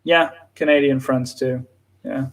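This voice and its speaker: A man's voice: medium pitch, steady tone, unhurried. A man from England, chatting casually on a live lesson and filling his talk with "like". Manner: casual, lots of filler "like". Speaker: English teacher.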